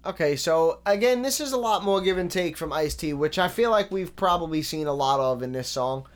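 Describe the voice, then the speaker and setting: A man giving a casual, analytical breakdown of rap lyrics, relaxed and full of fillers. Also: on the high side, fairly quick.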